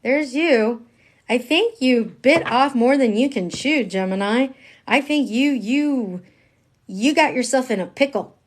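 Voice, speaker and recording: Slow-talking chatty tarot reader woman. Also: a little high. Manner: chatty, emphatic, slangy, swings between hushed and excited. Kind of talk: live-streamed tarot reading.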